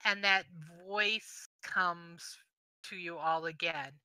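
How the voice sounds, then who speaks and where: A woman running a tabletop game as game master, narrating the action in an unhurried, measured way. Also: lowish voice, fairly even intonation, sharp tone, smooth, dry recording.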